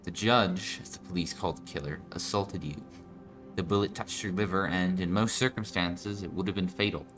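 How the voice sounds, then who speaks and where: A calm female hospital doctor speaks at a bedside in a story game, her news delivered without fuss, as a man reads her lines in his own low voice. The voice is bright and forward, read out plainly. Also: moderate pace, soft background music.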